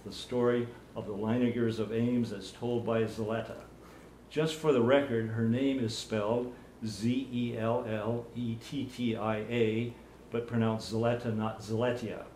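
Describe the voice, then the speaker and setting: A man's voice: mid-range voice, a little mellow. Formal male archivist conducting an interview. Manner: formal, measured questioning. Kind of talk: oral history interview. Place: community room of a library. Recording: roomy room, faint background noise.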